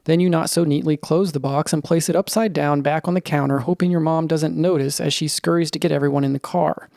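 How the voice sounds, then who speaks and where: A man narrating a scripted children's story in the second person, in a lively storytelling manner. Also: on the high side, fairly quick, creaky, no room sound, clean studio sound.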